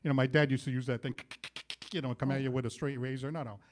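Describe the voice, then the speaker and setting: A man's voice: medium pitch, steady tone, fast talker, a little mellow. A man hosting a variety show, telling jokes and laughing at them, then announcing sponsors like a showman. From Portuguese heritage.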